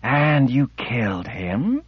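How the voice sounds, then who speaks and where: A man voicing a cold, sinister sorceress in black, who speaks slowly and softly, cooing. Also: medium pitch, big pitch swings, husky, no room sound, muffled recording, voice pushed up, exaggerated voice. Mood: mildly curious. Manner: slow, cooing and soft.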